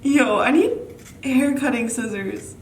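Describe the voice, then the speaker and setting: A woman's voice: a little high, lively intonation, a little slow, a little hiss or hum. A woman chatting casually to camera at home, nervous and giggly, often exclaiming. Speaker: beauty vlogger. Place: room at home. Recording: echoey room, mic a bit distant.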